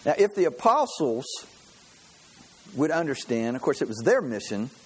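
A man preaching a sermon, telling stories with animated energy and acting out the voices. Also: medium pitch, normal speed, slightly rough, rough recording. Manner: animated storytelling, acts out voices. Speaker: pastor.

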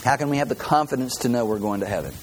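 A male pastor giving a conversational, animated sermon and asking the congregation questions. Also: mid-range voice, very fast, slight background noise.

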